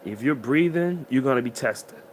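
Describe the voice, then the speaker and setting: A man's voice: mid-range voice, expressive, normal speed, slight background noise. A man giving an emotional, preachy motivational monologue straight to the listener. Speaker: motivational speaker.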